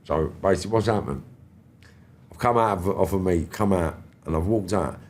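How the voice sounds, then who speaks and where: Man, 50s, London accent, very low voice, animated street talk, interview storytelling. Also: normal speed, a little hiss or hum. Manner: animated, swears freely, slangy street talk. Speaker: podcast guest.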